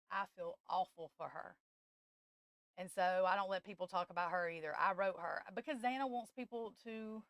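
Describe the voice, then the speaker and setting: A woman's voice: mid-range voice, a bit bright, smooth, dry recording. A woman hosting a live stream, talking with passion and near tears, breaking off and restarting, calling her viewers y'all. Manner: impassioned, tearful, halting restarts, addresses viewers as y'all. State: close to tears. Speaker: tarot livestream host. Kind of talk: emotional live-stream chat.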